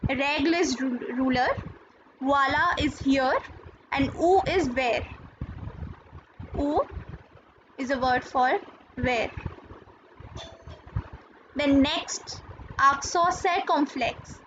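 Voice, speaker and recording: A woman gives a patient, unhurried lesson in a high voice, saying each word and then repeating it. She spells things out carefully. The recording is dull and lo-fi with a faint hiss behind her. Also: fairly bright tone. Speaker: French teacher. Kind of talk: slow classroom explanation.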